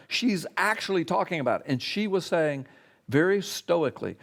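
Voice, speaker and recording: A man, a pastor, telling his story in an interview with an emphatic, animated manner. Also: a little high, normal speed. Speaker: pastor and radio talk guest.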